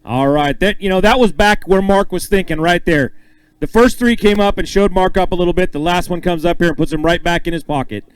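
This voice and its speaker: A man emceeing a bass-fishing weigh-in on an outdoor stage, upbeat and joking with the anglers as he calls out names and weights. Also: brisk, smooth, no echo, low-quality recording. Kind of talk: live emcee announcing with banter.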